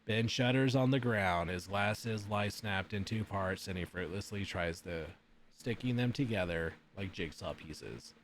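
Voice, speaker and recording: A man's voice: lowish voice, a little slow, a little hiss or hum. A man streamer reading a visual novel's text aloud during a playthrough, breaking in with blunt sworn reactions.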